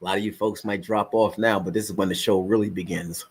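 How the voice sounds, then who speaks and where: A man's voice: fairly low pitch, fairly even intonation, fast, slightly rough. A middle-aged man hosting a casual live stream, joking and talking straight to his viewers as folks. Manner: playful, joking, talks directly to viewers as folks.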